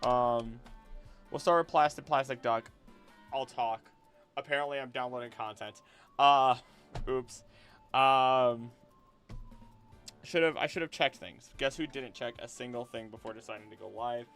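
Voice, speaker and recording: A young man talks casually on his live stream from home, rambling from one thought to the next and laughing easily. His voice sits at an everyday middle pitch. Soft music plays quietly underneath. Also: steady tone, unhurried, pauses often, clear, resonant tone. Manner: rambling, chatty, laughs often. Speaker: livestream host. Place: home room.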